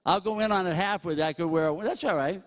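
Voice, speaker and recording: A man calling bids at a live charity auction, rattling off numbers quickly and cracking jokes between lots. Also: high-pitched. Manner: rapid-fire bid calling with jokes. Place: large banquet hall. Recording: reverberant hall PA sound.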